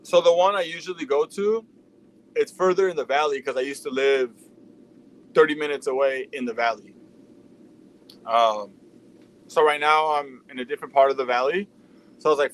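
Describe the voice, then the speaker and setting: A man's voice: a little high, steady tone, normal speed, pauses often, slight background noise, poor audio. A man hosting a livestream, telling a rambling story in a casual, profane, conversational way. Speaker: livestream host. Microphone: streaming mic.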